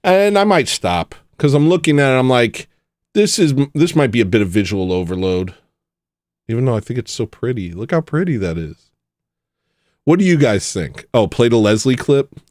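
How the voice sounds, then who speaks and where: A man's voice: medium pitch, lively intonation, normal speed, a little mellow, no room sound, studio quality. A man hosting a casual livestream, rambling and joking as he answers his chat. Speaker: livestream host. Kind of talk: casual livestream chat, reading viewer messages.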